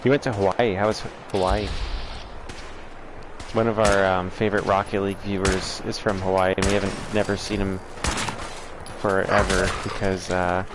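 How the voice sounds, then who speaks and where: A man's voice: sits low, level tone, normal speed, background noise. A man from the States, hosting a livestream and chatting with viewers in a rambling, frank way full of fillers. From southern United States. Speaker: livestream host. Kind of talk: casual chat answering viewers.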